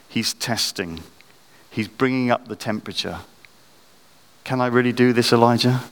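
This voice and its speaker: A man preaching a sermon, dramatic, his voice climbing high when he acts out quoted prayers. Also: a bit bright. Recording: long hall reverb.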